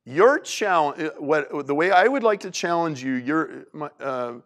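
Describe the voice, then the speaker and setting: A man giving a conversational faith talk in an animated, emphatic way, with loose fillers and restarts. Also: fairly high pitch, unhurried.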